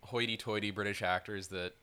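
Man, podcast co-host, casual chat, rambling, slightly low voice, crisp sound. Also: a little fast. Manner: rambling, animated, swears, lots of "like".

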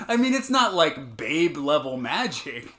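A man's voice: a little high, very animated, takes it slowly, a bit bright. A man co-hosting a podcast, trading playful, argumentative banter about movies and laughing often. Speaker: podcast co-host. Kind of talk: casual movie-ranking banter.

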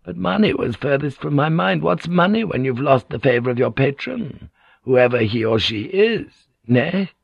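A man's voice: a little high, animated, normal speed, creaky, breathy edge, dry recording, lo-fi sound, voice pushed up, full character voice. A male audiobook narrator voicing a sly, wheedling older woman who keeps a teahouse, with a honeyed, ingratiating manner.

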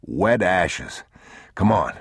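A man playing a tired, protective father who speaks low and calm to reassure his son. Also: drawn-out words, husky, dry recording, clean studio sound, heavily acted. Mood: reassuring. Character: weary, protective father, quietly steady.

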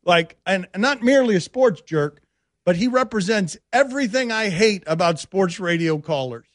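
Ranting sports radio host, high voice. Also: male voice, moderate pace, dry recording, studio quality. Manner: animated, ranting, sarcastic. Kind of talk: casual sports talk radio. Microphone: studio microphone.

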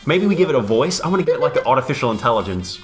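A man co-hosting a podcast, chatting casually and jokingly, now and then breaking into squeaky silly voices. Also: very fast, soft background music. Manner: animated, jokey, with squeaky put-on voices. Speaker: podcast co-host. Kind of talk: casual chat.

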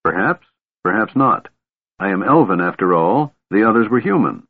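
A man's voice: lowish voice, very animated, normal speed, breathy edge, narrow, tinny audio, exaggerated voice. A man voicing a guarded, weary male half-elf warrior who speaks tensely and bitterly, in an audiobook.

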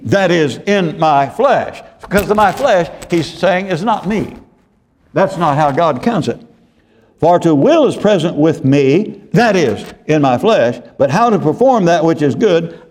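A man with a fairly high-pitched voice preaching a sermon. He reads scripture passages with emphasis and breaks them down verse by verse. Along the way he keeps checking with "you see?" and corrects himself mid-sentence. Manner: frequent tag questions and self-corrections. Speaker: pastor.

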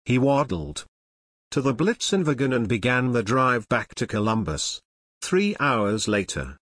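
Male narrator for a true-crime book: measured and expressive, with a lively rise and fall, recorded dry. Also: mid-range voice, no echo.

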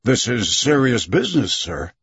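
A man's voice: medium pitch, sing-song, moderate pace, a bit bright, slightly rough, no room sound, lo-fi sound, heavily acted. A man voicing a proud, stern army captain who speaks in a raised, emphatic voice.

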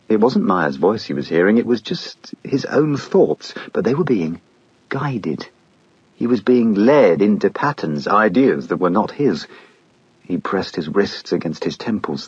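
A man narrating an audiobook in a measured, steady storytelling manner. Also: fairly low pitch, slightly rough, no echo, lo-fi sound.

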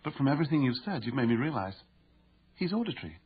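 A man's voice: medium pitch, sing-song, quick pace, narrow, tinny audio, slight background noise, close to an everyday voice. A man voicing a big, tough father who is emotional and choking up while he speaks earnestly. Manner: choked up, earnest.

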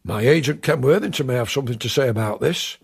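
A man's voice: medium pitch, animated, fast, vocal fry, breathy edge, heavily acted. A man doing a fretful amateur songwriter. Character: plodding middle-aged male amateur singer-songwriter.

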